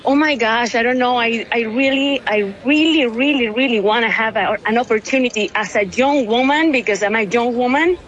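A woman in her thirties from Venezuela speaks with a fairly high voice. She is tearful and emotional, and her sentences keep breaking off into restarts and repeated words. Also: normal speed, hardly any pauses, highs cut off. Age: 30s. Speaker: interviewee. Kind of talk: emotional phone interview.

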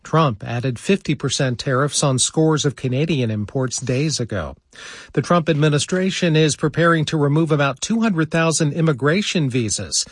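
Husky-voiced man reading national news. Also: fairly high pitch, lively intonation, normal speed, no echo, studio quality. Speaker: newscaster. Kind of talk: radio newscast.

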